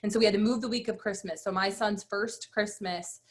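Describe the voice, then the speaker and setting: A woman's voice: mid-range voice, fairly quick. A woman in her thirties, a guest speaker, telling her personal story with emphatic energy and acted-out quotes. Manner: animated, emphatic, acts out quotes.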